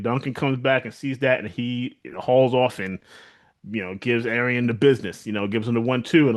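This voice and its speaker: A man's voice: mid-range voice, fairly quick. A man co-hosting a podcast, animatedly recapping a TV series in casual chat and acting out what the characters say. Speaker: podcast co-host.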